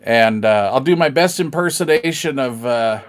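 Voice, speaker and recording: A man's voice: medium pitch, animated, normal speed, few pauses. A middle-aged man chatting on a live stream as he calls out on CB radio from his kitchen table, slangy and full of radio lingo. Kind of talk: casual live-stream chat over CB radio.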